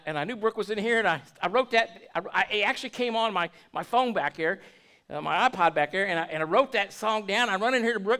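A man's voice: high voice, bright, forceful tone, clean tone. A man preaching a sermon to his congregation in a folksy way, restarting words and asking the room questions. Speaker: pastor.

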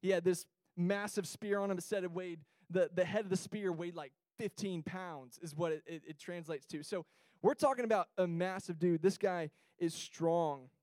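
A young man with a fairly high voice tells stories in a sermon to a young crowd. He is animated and slips into the voices of the people he describes. He was recorded close to the mic in a dry space. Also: moderate pace, no echo. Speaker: youth speaker. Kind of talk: storytelling sermon to a young audience.

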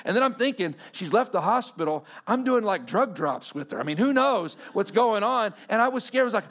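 Man, middle-aged pastor, high voice, animated sermon story. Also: fast talker, hardly any pauses. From Texas. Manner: animated, conversational storytelling with fillers.

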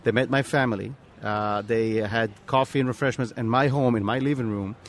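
A man's voice: medium pitch, fairly even intonation, fairly quick, a little hiss or hum. A man speaking earnestly in an interview at a convention booth, often repeating words. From Israel. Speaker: tour coordinator.

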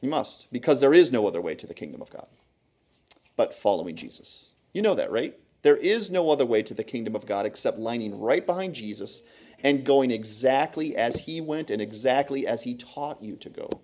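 A man in his thirties delivers a sermon in a steady middle-pitched voice. He is earnest and emphatic, hammering home his points by repeating phrases. He preaches to a small church gathering. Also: a little fast. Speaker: pastor.

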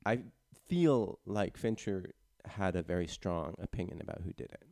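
A man hosting a casual chat, relaxed and agreeable, reading out listener comments. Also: low-pitched, moderate pace, gravelly, no echo, studio quality.

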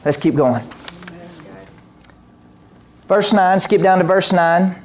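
A man preaching a sermon as pastor, animated, acting out voices with the congregation answering. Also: sits high, slow, a little hiss or hum. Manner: animated, acts out voices and sheep bleats. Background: congregation responses.

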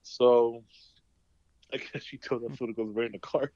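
A man's voice: mid-range voice, fairly even intonation, moderate pace, a little mellow, no room sound. A man telling a long story in casual chat, rambling and profane, full of fillers. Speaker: podcast host. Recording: dull lo-fi dry sound.

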